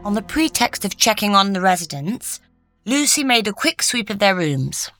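A woman reading a story aloud in a measured, even storytelling manner. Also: medium pitch, faint music behind. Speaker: narrator. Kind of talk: scripted narration.

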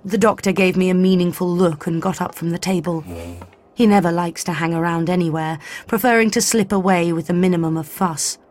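A woman narrating a science-fiction story in the first person, with an even, measured delivery. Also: on the low side. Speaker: audiobook narrator. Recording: faint background music.

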